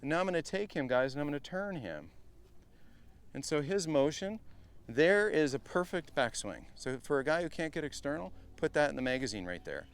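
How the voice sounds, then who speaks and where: A middle-aged man coaching a group at a live golf clinic, chatty and energetic, often turning to the group as guys. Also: a little high, a little fast, clear, resonant tone. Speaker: golf instructor.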